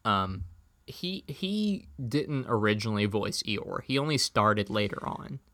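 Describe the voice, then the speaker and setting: A man co-hosting a podcast in casual chat, with a wry, deadpan humor. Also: lowish voice, unhurried, no room sound. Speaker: podcast co-host.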